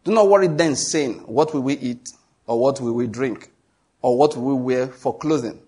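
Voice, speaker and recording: Husky Nigerian man preaching emphatically. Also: medium pitch, warm tone. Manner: emphatic, reads scripture slowly, jokes with the congregation. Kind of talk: sermon.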